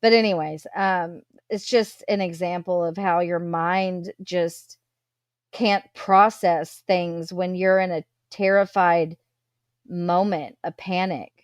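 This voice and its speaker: A woman's voice: on the low side, fairly even intonation, slow pace, clear, resonant tone, no echo, studio quality. A woman hosting a casual live stream, talking straight to her viewers. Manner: chatty, talks to her viewers. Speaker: livestream host.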